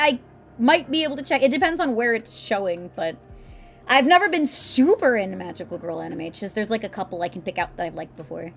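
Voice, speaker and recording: A woman's voice: medium pitch, creaky, a bit bright. A young woman streaming a game, chatting casually with her viewers, rambling and laughing often as she answers chat.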